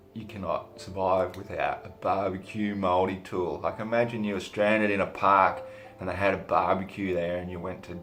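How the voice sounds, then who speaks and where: An Australian man giving a crude, rambling comic monologue to camera, swearing freely with deadpan humor. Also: sits low. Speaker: vlogger.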